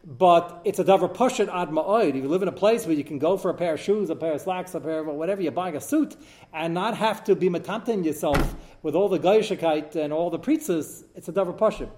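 Male talk show host, voice a touch high, rambling storyteller who uses Hebrew and Yiddish terms. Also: a little fast, darkish tone, slight background noise. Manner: repeats and restarts while telling a story.

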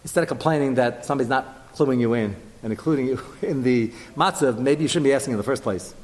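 Animated man teaching a Torah class. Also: fast, long reverb tail. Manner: animated, jumps pitch to act out quotes. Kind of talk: lively Torah lecture to a group.

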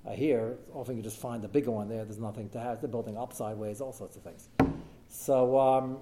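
A man, a rabbi, giving a Torah class, telling cases with animated storytelling and sprinkling in Hebrew and Yiddish terms. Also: medium pitch, brisk, heavy background noise. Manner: talks in short bursts with frequent fillers and restarts. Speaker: rabbi answering questions of Jewish law.

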